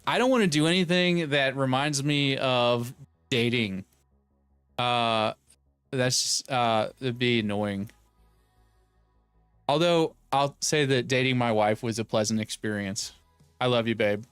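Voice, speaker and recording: Male streamer, 30s, mid-pitched, smooth voice, jokey rambling chat, dry close mic. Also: unhurried, long pauses, fairly bright tone, no room sound, faint music behind. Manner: rambling, joking, reads chat aloud and riffs on it. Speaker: streamer host. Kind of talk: casual live-stream chat.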